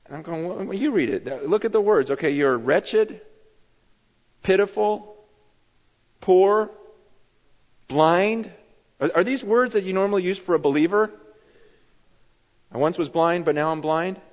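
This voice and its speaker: A man's voice: sits high, unhurried, pauses often, long reverb tail, muffled recording. A man preaching a sermon with intensity, repeating himself and acting out quoted voices. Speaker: pastor.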